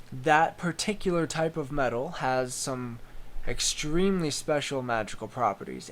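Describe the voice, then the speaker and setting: A man, the game master, casually recapping a tabletop campaign with lots of ums. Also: medium pitch. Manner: relaxed, filler-laden storytelling.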